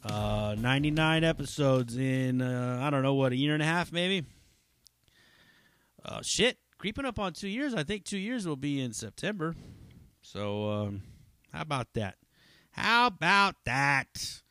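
This man runs his own podcast and talks in a meandering, profane way, with plenty of fillers and side comments. His medium-pitched voice is animated at a normal pace, with no room sound.

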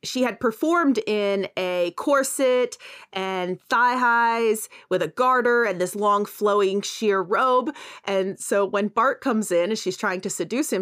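A woman's voice: fairly high pitch, unhurried, fairly bright tone. A woman in a casual podcast chat, animatedly retelling a film and acting out quoted lines between laughs.

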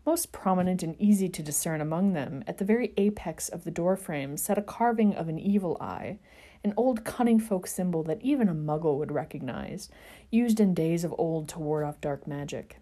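Low, mellow woman reading fanfic out loud, dry little asides. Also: normal speed. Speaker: podcast host reading fan fiction. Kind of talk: narrated fan fiction reading and casual chat.

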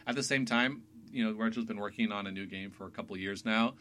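Man, podcast host, lowish voice, chatty and excitable, faint hum behind. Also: quick pace. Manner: chatty, excitable, many fillers. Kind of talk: casual chat about video games.

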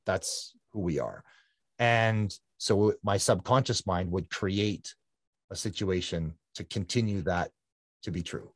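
A man with a fairly low voice recounts his life as a guest, earnest and reflective. He circles back and repeats phrases to press a point. The sound is dry and close, with little room around it. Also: lively intonation, unhurried, husky, no echo. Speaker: guest, endurance athlete. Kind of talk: reflective conversational storytelling.

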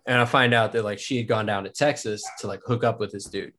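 Young male podcast guest with a lowish voice; rambling, casual, profane storyteller. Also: steady tone, fast talker, a bit bright. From Kansas. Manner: rambling, heavy use of filler words and swearing.

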